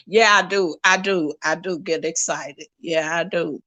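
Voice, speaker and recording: A middle-aged woman, chatting with viewers on a livestream in a folksy, animated way. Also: on the low side, unhurried, few pauses. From Texas, USA. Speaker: livestream host. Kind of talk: casual chat with viewers.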